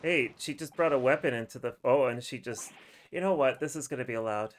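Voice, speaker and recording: A man's voice: mid-range voice, brisk, a little hiss or hum. A man giving casual, chatty commentary while playing a game, reacting freely and swearing. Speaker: let's play streamer.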